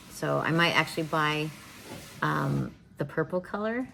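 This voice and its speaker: A woman's voice: low-pitched, normal speed, vocal fry, fairly bright tone, a little hiss or hum. A woman livestreaming at home, chatting casually in a rambling way with many restarts.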